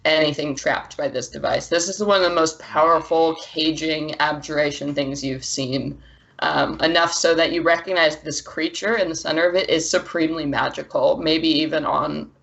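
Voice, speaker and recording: Unhurried woman game master. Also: sits low, vocal fry. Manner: descriptive, unhurried, with fillers. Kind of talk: narrating a tabletop game. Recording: dull lo-fi audio.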